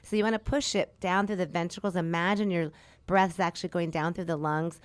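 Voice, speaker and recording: A woman's voice: on the low side, steady tone, a little fast, slight background noise. A middle-aged woman who coaches others, talking through breathing techniques and affirmations in a soothing, guiding way. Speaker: spiritual coach. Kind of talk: casual conversation.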